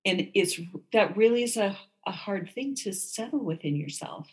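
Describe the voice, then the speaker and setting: A woman's voice: lowish voice, moderate pace, few pauses. Candid woman co-hosting a casual talk. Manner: candid, animated storytelling with lively quoted voices. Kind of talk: casual chat.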